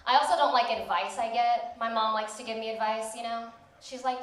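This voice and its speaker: A young woman doing a stand-up comedy set on a club stage, delivering deadpan, self-mocking punchlines. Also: a little high, brisk. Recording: echoey club, voice from far off.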